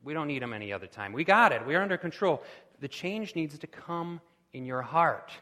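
A man preaching a sermon with impassioned delivery, rising to loud pleading cries. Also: a little high, animated, brisk, big-room sound. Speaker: pastor.

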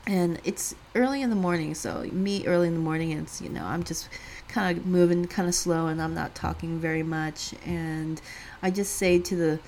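A woman in her thirties co-hosting a podcast, telling a personal story casually, often laughing and getting animated when she quotes others. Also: on the low side, moderate pace, a little hiss or hum. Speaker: podcast co-host.

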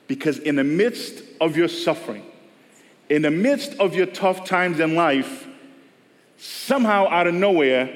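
A male pastor preaching a sermon to a church service in a conversational style, acting out the voices of people he quotes. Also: fairly high pitch. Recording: long reverb of a church hall.

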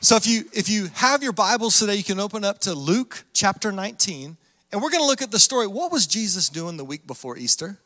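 A man with a high voice preaches from a church stage, chatty and animated. He acts out the people in his stories as he goes. The sound carries a long reverb from a large sanctuary. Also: fairly quick. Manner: conversational and animated, acting out quoted voices. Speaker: pastor. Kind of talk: sermon.

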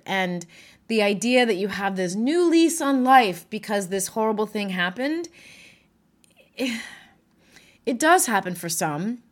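Frank, emotional woman sharing her story. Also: medium pitch. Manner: frank, emotional, laughs often, swears. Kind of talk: candid personal talk.

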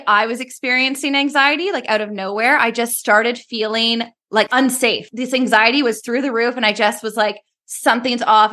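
A woman in her thirties from Canada, a podcast guest retelling a painful personal story in an animated, emotional way, full of casual fillers. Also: a little high. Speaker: podcast guest, life coach.

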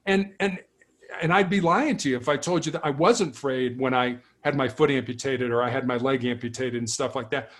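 A middle-aged man who used to be a police officer tells stories earnestly during a conversational interview, reflecting as he goes. His voice is mid-range, fairly quick, and somewhat bright, and he often restarts sentences and repeats words.

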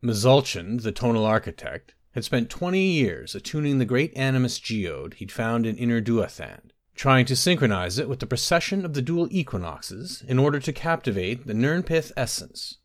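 A man reading a fantasy tale aloud as a narrator. His delivery is expressive, with a lively, moving pitch at an ordinary middle height. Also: normal speed, hardly any pauses. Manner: expressive storytelling. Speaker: audiobook narrator. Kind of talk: scripted narration.

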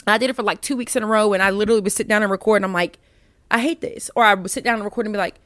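A woman's voice: medium pitch, steady tone, rapid-fire, a bit bright, no room sound. A young woman hosting a casual faith podcast, rambling and self-mocking as she chats with listeners. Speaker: podcast host.

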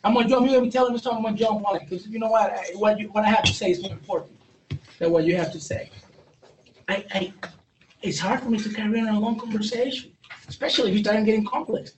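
A man's voice: sits high, fairly even intonation, quick pace. A man giving a candid, joking training talk to a live audience, with frequent restarts and stumbles. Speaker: speaker training police on brain injury. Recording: roomy, distant mic, faint noise.

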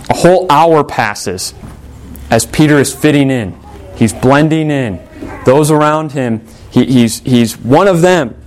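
A man delivering a sermon at a mid pitch, retelling a story with energy. He acts out the quoted lines as he goes and shifts his delivery to carry the drama. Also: darkish tone. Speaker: pastor.

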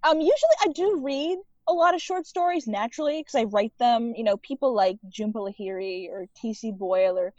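A woman's voice: on the high side, animated, fairly quick, hardly any pauses, mellow, no echo. A woman chatting casually as a podcast guest, full of "like" fillers. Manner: chatty, many "like" fillers, laughs often. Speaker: guest writer and filmmaker. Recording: dull muffled audio, dry.

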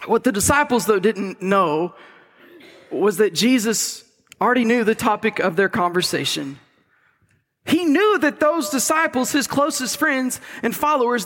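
A man's voice: extremely high pitch, fairly bright tone, in a large hall. A man preaching a sermon in a conversational, playful storytelling manner in a church.

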